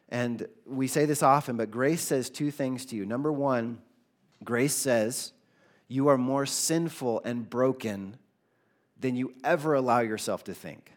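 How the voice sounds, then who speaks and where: Guy preaching a sermon in church, earnest, voice goes up for the big points and drops low on the quotes. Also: measured pace. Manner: earnest preaching, voice rising for emphasis and dropping low for quoted lines. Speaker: pastor.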